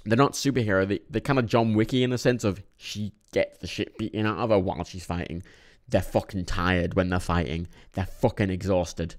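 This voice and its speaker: A young man casually reviewing films, rambling, swearing often, with sudden animated bursts and a tired edge. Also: deep voice, fairly quick, few pauses. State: a bit tired. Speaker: film reviewer. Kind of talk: casual monthly movie review vlog.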